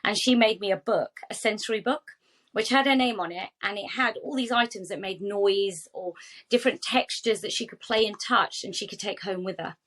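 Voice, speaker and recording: A woman who founded a charity, speaking as a guest on a podcast, telling warm stories with lots of quoted dialogue. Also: medium pitch, moderate pace. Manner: animated, heartfelt storytelling with quoted dialogue. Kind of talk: podcast interview.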